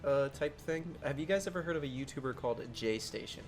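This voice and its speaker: A young man talks fast and loosely, swearing and laughing as he chats on a podcast. His voice sits at an everyday pitch. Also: expressive. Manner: laid-back, profane, laughs easily. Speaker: podcast co-host. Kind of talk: casual chat.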